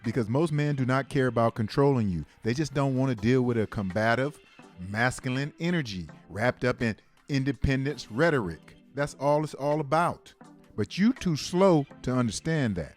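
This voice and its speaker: A man's voice: mid-range voice, expressive, normal speed, soft background music. A man giving blunt, dismissive reaction commentary.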